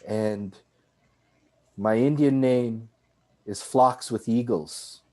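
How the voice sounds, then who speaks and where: A man being interviewed as a filmmaker, telling a personal story in an animated way with frequent "like"s and restarts. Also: mid-range voice, extremely slow. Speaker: filmmaker guest.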